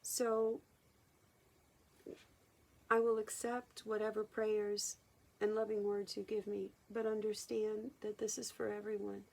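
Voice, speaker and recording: A woman hypnotherapist speaking in a personal vlog monologue, halting and reflective, often restarting her sentences. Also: medium pitch, flat delivery, vocal fry, darkish tone. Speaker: hypnotherapist and channeler.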